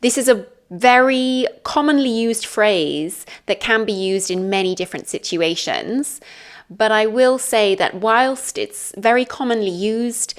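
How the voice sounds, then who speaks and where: Slow, careful British woman teaching English. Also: mid-range voice. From Britain. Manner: slow, careful, warm and encouraging explanations. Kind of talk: scripted lesson to camera.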